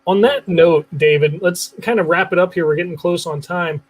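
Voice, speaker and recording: Husky, enthusiastic male podcast host. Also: sits high, normal speed, low-quality recording. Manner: enthusiastic, stumbles over repeated words. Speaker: show host. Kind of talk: interview podcast talk.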